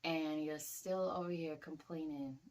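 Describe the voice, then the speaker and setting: A woman's voice: low voice, fairly even intonation, measured pace, darkish tone. A woman in her twenties casually recounting a story, with loose, profane talk full of "like". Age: 20s. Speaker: vlogger.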